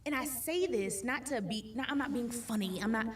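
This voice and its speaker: Woman, high voice, emphatic testimony, slightly distant clip audio. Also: normal speed, slight background noise. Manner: emphatic, repeating phrases. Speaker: podcast guest.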